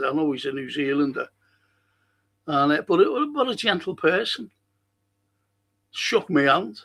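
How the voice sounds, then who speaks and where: This live-stream host has a voice on the high side with a fairly bright tone. He chats casually, reading chat comments aloud and drifting into rambling stories full of restarts.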